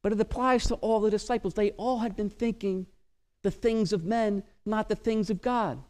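Male pastor, high-voiced, emphatic sermon delivery, dynamic and questioning. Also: fairly even intonation, moderate pace, darkish tone, clear, resonant tone. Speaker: preacher. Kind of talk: expository sermon.

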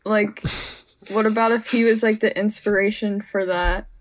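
Excitable young woman, filler-heavy chatter. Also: medium pitch, normal speed. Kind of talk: casual improvised storytelling.

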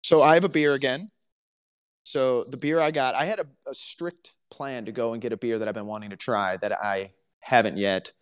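A man's voice: mid-range voice, fairly even intonation, normal speed, smooth. A man co-hosting a casual podcast, telling stories in a chatty, dry, joking way. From Alabama, US. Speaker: podcast co-host. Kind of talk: casual chat.

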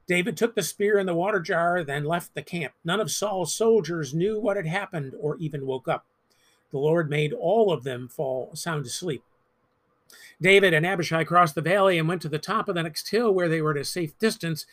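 A man's voice: on the high side, moderate pace, fairly bright tone. A man who hosts a church podcast, reading a scripture passage aloud and then talking through it with light humor. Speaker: pastor.

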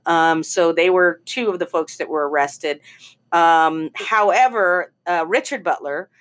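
A woman's voice: lowish voice, unhurried. Chatty woman co-hosting a casual show. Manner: chatty, laughing, swears freely. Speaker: podcast co-host. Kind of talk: casual chat.

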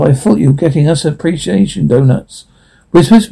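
A man's voice: fairly high pitch, animated, brisk, vocal fry, mellow, husky, rough recording. A man reading out a cartoon story, voicing every part and reading the sound cues aloud, often stumbling and restarting.

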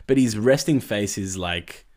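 A man's voice: on the low side, unhurried, darkish tone. A man, chatting casually as a podcast co-host, rambling and repeating words. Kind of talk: casual chat.

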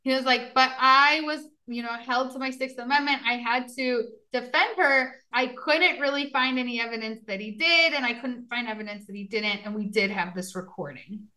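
Podcast co-host, woman, bright forward voice, casual true crime storyteller with a bit of a high pitch. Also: moderate pace, few pauses. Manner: chatty storyteller, frequent fillers and laughs.

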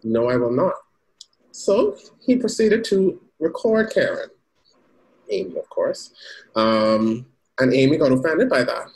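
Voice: medium pitch, measured pace, poor audio. A podcast co-host retelling a news story in casual chat. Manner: lively retelling with acted quotes.

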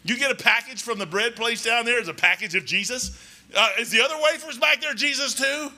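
A man's voice: extremely high pitch, fairly quick, pushed and bright. A man preaching a folksy, rambling sermon in a church, talking emphatically and conversationally.

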